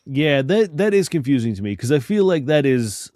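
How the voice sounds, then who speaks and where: Male co-host, reads letters out wryly, lively up-and-down delivery, dry close sound. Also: medium pitch, moderate pace, no room sound. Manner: wry, mocks people with put-on quotes. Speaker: podcast co-host. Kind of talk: casual chat, reading listener letters aloud.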